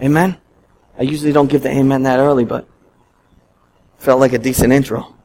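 A man preaching a sermon as pastor, telling a story in an animated, emphatic way. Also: medium pitch, a little fast, a little hiss or hum, rough recording. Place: church.

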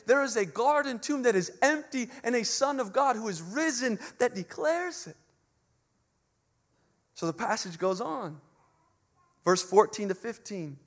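Male preacher, high-pitched, impassioned sermon delivery with repeated emphatic phrases. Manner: earnest and impassioned, with emphatic repetition; swings between soft, hushed phrases and loud climaxes. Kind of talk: Easter sermon.

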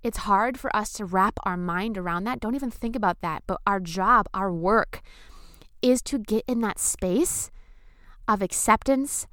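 A woman speaking straight to her followers about manifestation, effusive and excited. She swears casually. Her voice is smooth and clear at a middle pitch, recorded dry and close. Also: no echo. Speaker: spiritual vlogger. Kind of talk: casual spiritual talk to camera.

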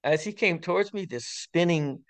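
A retired fire captain in his sixties, appearing as an interview guest, shares a personal story in an earnest, wondering tone. His fairly high-pitched voice is broken by frequent ums and pauses.

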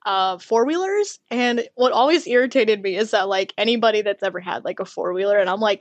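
A woman's voice: fairly high pitch, a little fast, no room sound. Laughing woman on a dull mic. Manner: laughing, animated storytelling. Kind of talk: casual chat.

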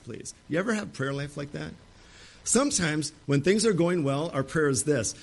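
Man, pastor, sermon, dramatic, somewhat high pitched, middle-aged. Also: lively intonation, normal speed. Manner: dramatic, acts out Bible figures' pleas.

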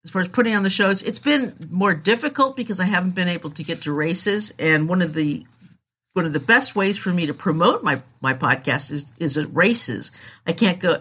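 A woman's voice: low voice, fairly bright tone, slightly rough. A woman hosting her own podcast, talking candidly and in a rambling way about her show. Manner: candid, rambling, self-deprecating. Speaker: podcast host. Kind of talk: casual solo podcast talk.

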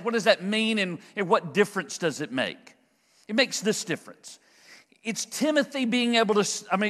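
A man preaching a conversational, emphatic expository sermon as pastor, slowing down to stress key phrases. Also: sits high, fairly bright tone, in a large hall. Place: church sanctuary.

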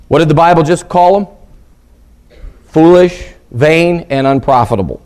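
A man's voice: fairly high pitch, darkish tone, clear, resonant tone. A man teaching a Bible lesson on a radio ministry, reading verses aloud and stressing key words. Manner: reads scripture aloud slowly, stressing key words with questions.

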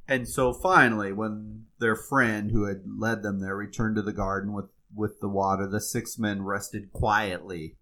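A man telling a fable in a casual, conversational way, with fillers and restarts, then slowing down to reflect on its moral. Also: lowish voice, fairly even intonation, pushed and bright. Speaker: storyteller.

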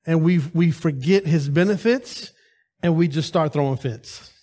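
High-voiced man preaching a sermon. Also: a little slow. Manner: lively, rhetorical, calls out to the congregation. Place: church service.

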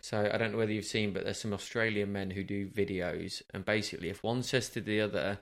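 A man's voice: lowish voice, steady tone, fast talker, creaky, fairly bright tone. A man co-hosting a casual podcast chat, teasing and jokey, rambling with plenty of fillers. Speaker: podcast co-host.

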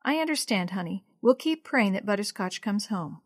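Storybook part: caring mom, gentle and soft-spoken, firm at times, voiced by a woman narrator. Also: mid-range voice, animated, moderate pace, dry recording, clean studio sound, natural voice. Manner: soft, gentle, turning stern. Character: gentle, caring mother of a young girl.

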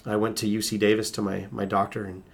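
A man's voice: lowish voice, level tone, fast talker, vocal fry. A middle-aged man recounting a personal story as an interview guest, earnest, with restarts and acted-out quotes.

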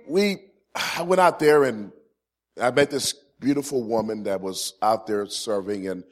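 A man in his forties in ministry, telling a humorous personal testimony to a live audience. He swings from loud, punchy comic lines to quiet, earnest points. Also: lowish voice. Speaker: Christian ministry speaker.

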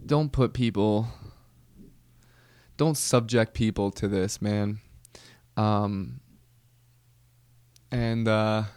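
A man hosting a comedy podcast, telling a rambling deadpan story with casual slang. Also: fairly low pitch, drawn-out words, pauses often, clear, resonant tone, dry recording. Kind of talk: comedic monologue.

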